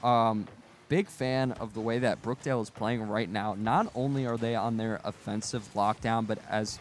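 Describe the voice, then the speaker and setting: A young man casting an esports match, giving excitable play-by-play that jumps into loud cheers. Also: fairly low pitch, normal speed, slight background noise. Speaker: esports caster. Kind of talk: play-by-play game commentary.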